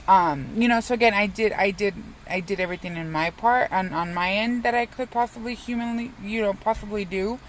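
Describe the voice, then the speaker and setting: A woman's voice: mid-range voice, fairly quick, few pauses, slight background noise, rough recording. A young woman in a casual, rambling vlog who swears freely and pokes fun at herself. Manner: rambling, profane, self-mocking.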